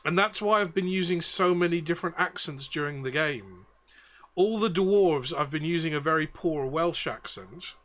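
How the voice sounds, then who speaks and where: A male game master steps out of the story to chat, explaining at length in a loose, rambling way. His voice is bright and forceful and sits a bit high for a man. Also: normal speed.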